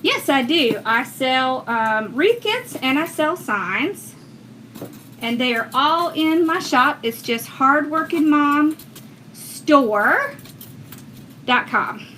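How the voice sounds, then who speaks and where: A woman walks viewers through a craft project at an easy, unhurried pace, her voice sitting high. She chats along as she works, thanking people for their comments, with a faint hum in the background. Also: expressive, bright, forceful tone. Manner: chatty, reads and thanks viewers' comments while working. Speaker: wreath-making instructor. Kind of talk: casual livestream craft tutorial.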